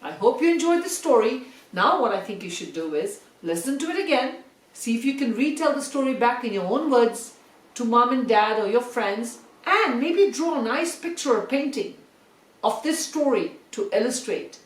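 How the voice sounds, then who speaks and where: A woman storyteller reads to children in an animated, lively voice that swings widely up and down. Her voice is fairly high. It rings in a roomy space, set back from the mic. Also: moderate pace, recorded from a distance. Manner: animated, talks directly to children.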